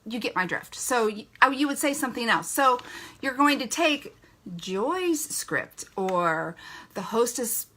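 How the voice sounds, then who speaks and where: A woman's voice: a little high, expressive, unhurried, sharp tone. A woman giving a live training talk to a sales team, chatty and playful, laughing often and acting out little quotes.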